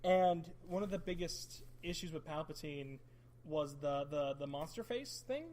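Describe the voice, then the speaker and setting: A man's voice: fairly high pitch, measured pace. A man hosting a podcast, talking animatedly in a casual, rambling way. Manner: animated, rambling, restarts often. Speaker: podcast host. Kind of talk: casual chat.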